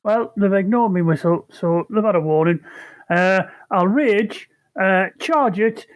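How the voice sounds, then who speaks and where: A tabletop player hamming it up, describing wild charges and shouting silly battle cries. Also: mid-range voice, measured pace, no room sound. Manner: boisterous, hammy shouting in character. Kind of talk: casual tabletop play.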